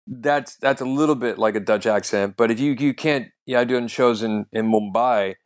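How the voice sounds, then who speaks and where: A man co-hosting a casual podcast chat, telling stories in a rambling way with restarts, throat-clearing and lots of "you know". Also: mid-range voice, moderate pace. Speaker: podcast co-host, comedian.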